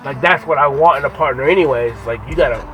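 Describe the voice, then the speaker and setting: A man's voice: medium pitch, quick pace, faint music behind, poor audio. A man talking casually to the camera in a rambling, profane monologue full of fillers and restarts.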